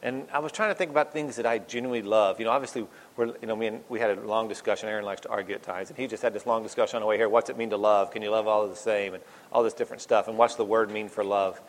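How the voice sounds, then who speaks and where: A man's voice: lowish voice, steady tone, rapid-fire, hardly any pauses. A man giving an informal devotional talk, rambling and chatty with lots of asides and self-mocking humor. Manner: rambling, chatty, with many "you know" asides. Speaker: speaker giving a church devotional. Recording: long hall reverb.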